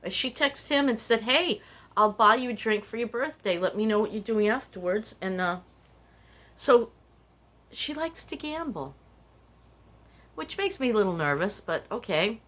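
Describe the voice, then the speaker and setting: Speaking at a moderate pace with frequent pauses, the older podcast host has a slightly high voice with lively intonation and a bit of brightness. She rambles candidly, recounting stories and confiding her emotions.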